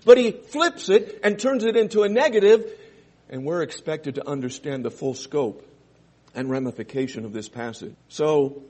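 Emphatic husky-voiced male preacher. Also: a little high, normal speed. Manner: emphatic, swings between loud stresses and quiet asides. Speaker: pastor. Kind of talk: sermon.

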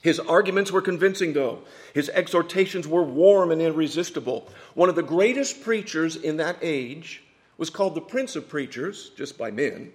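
Preacher, male, slightly high voice, dramatic storyteller who drops to a hush and then hits points hard. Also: expressive, moderate pace. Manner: dramatic, swings from hushed to loud emphatic. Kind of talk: sermon storytelling.

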